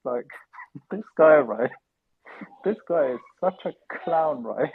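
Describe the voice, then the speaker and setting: A man's voice: a little high, expressive, slow pace, creaky, breathy edge. A man chatting casually and laughing as he talks, over a tinny phone-like line. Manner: chatty, laughing, many fillers and restarts. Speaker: panelist. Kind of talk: casual chat.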